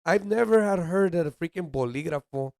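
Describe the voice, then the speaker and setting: Young man, gravelly voice, casual slangy podcast banter. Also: on the high side, expressive, brisk, darkish tone, no echo, studio quality. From United States. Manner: laid-back slangy banter, mixes Spanish words. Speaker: podcast co-host. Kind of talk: casual chat.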